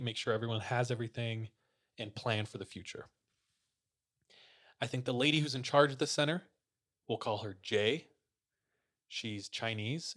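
A man at a mid-range pitch hosts a podcast and retells a listener's story to his friends. He keeps it casual and slangy, unhurried, like chatting around a table. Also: fairly bright tone. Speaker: podcast host.

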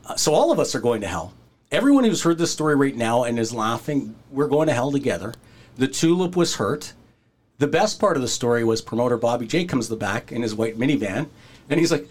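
A man hosting a podcast, telling a wrestling locker-room story in a casual, animated way and acting out the voices of the people in it. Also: on the high side, moderate pace. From Canada. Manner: animated, acts out quoted voices, breaks into laughter.

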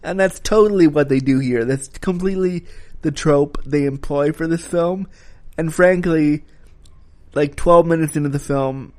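A man's voice: on the high side, measured pace, darkish tone. A man giving a casual spoken film review, talking frankly and critically, with the occasional swear word.

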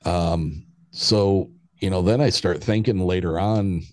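Man in his fifties, very low voice, dry close sound; rambling guest storyteller who chuckles through his tales. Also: slow, a little mellow, dry recording. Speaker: podcast guest. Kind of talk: casual storytelling.

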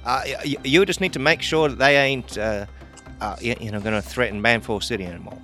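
A man voicing a gruff male townsman with a put-on Brooklyn accent, halting and hesitant. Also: medium pitch, sharp tone, soft background music, close to an everyday voice.

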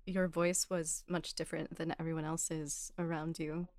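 Woman interviewer, lowish voice. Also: flat delivery, normal speed, dry recording, studio quality. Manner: short questions and soft affirmations.

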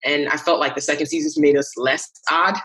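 Lively young woman voice actor, bright. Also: low voice, brisk, husky, rough recording. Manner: animated, laughs often, acts out quotes. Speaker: voice actor guest. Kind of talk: casual interview chat.

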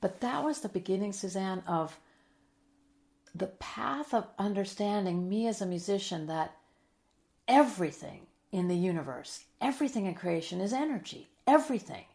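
A middle-aged woman in a heartfelt interview, telling a personal story with earnest emotion, sometimes dropping soft and quiet. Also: mid-range voice, normal speed, gravelly. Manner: earnest and emotional, drops soft and quiet, then lively when quoting. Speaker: guest.

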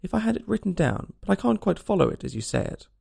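A man's voice: on the high side, big pitch swings, a little fast, creaky, warm tone, pitched above the performer's own voice, heavily acted. A man voicing a polite, prim young girl in a storybook reading, speaking carefully in a raised voice.

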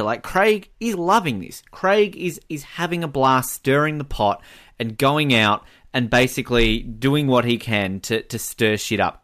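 A man with a mid-pitched voice co-hosting a podcast in casual chat. He is animated and slips into little mimicked quotes as he talks. His pitch sits in an ordinary middle range. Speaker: podcast co-host.

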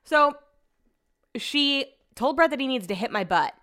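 A woman's voice: high-pitched, expressive, normal speed, fairly bright tone. Chatty rambling woman podcaster. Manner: chatty and rambling, heavy use of "like", casual swearing. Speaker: podcast host. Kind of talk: casual solo podcast monologue.

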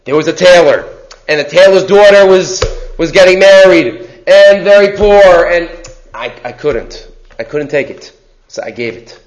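A man voicing a poor rabbi's wife in a story, speaking softly and hesitantly. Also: high voice, lively intonation, measured pace, muffled recording.

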